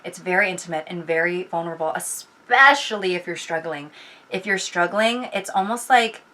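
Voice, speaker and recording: A woman's voice: lowish voice, normal speed, pushed and bright. A young adult woman vlogger rambling casually to her viewers, chatty with giggly asides.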